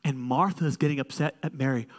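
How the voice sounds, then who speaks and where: A man, a co-lead pastor, preaching a sermon in a church, animated and joking, moving from quiet asides to loud exclaims. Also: mid-range voice, fast talker.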